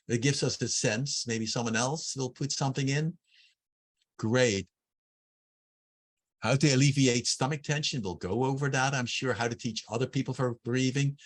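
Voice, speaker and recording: A man facilitating an online breathwork workshop over a video call, talking conversationally and working through long lists with frequent restarts. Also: mid-range voice.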